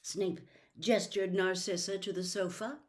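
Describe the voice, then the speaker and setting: A woman reading a novel aloud in a slow, deliberate storytelling manner. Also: medium pitch, steady tone, darkish tone. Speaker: narrator. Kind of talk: audiobook reading.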